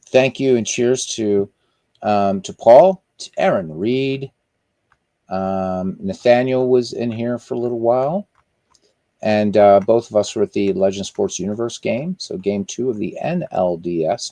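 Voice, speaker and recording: A man's voice: fairly low pitch, unhurried, mellow, dry recording. A man hosting a live stream in casual chat, rambling and chatty as he greets viewers by name.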